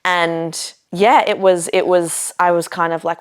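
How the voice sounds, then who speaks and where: Woman, podcast host, low voice, relaxed personal storytelling, filler words, casual swearing. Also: measured pace, few pauses, clean tone. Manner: chatty, lots of filler "like" and "you know", swears casually.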